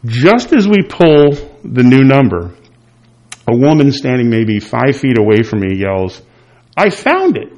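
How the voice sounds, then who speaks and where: Man, mid pitch, casual storyteller; animated, quotes others, trails off. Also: unhurried, muffled recording. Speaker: storyteller recalling a work event. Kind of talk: casual anecdote.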